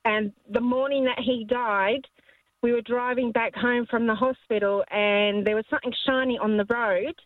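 A woman calls in to a radio show and shares a story in an earnest, gentle tone. Her slightly high voice comes over a dry, tinny phone line. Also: steady tone, moderate pace, dry recording. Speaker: caller. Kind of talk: telling a personal story on the phone.

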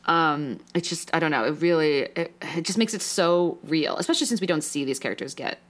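A young woman in casual podcast chat, her voice sitting a little low for a woman. She rambles and restarts, stacking "like" fillers as she talks through her feelings. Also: brisk. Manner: rambling, many "like" fillers, emotional and animated. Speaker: podcast co-host.

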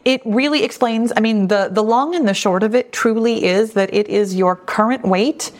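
A woman's voice: fairly high pitch, moderate pace. Reassuring woman podcast host. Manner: warm, reassuring, conversational with frequent restatements. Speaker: podcast host, weight loss coach. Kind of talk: solo podcast answering listener questions.

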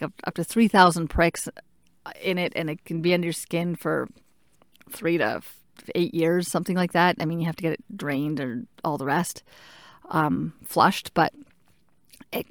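A woman casually telling a personal story in an animated way, acting out what people said to her. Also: fairly low pitch, no echo, clean studio sound. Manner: animated, acts out what others said. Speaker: patient recounting a procedure.

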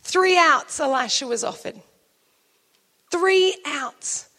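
A woman preaching a sermon, telling stories with lively animation and acting out the people she quotes. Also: sits high, normal speed.

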